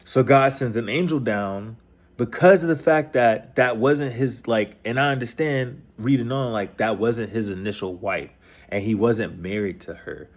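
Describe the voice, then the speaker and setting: A man with a mid-range voice talks at a moderate pace, casually retelling a scripture story in loose, profane slang. He reads passages aloud, then paraphrases them in a rambling, offhand explanation.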